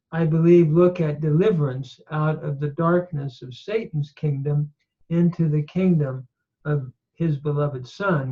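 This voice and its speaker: Male Hebrew grammar lecturer, slightly higher voice, very slow and methodical, muffled lo-fi recording. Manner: reads Hebrew words slowly and spells out each grammatical form. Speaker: Bible and Hebrew grammar teacher. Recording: dull lo-fi recording.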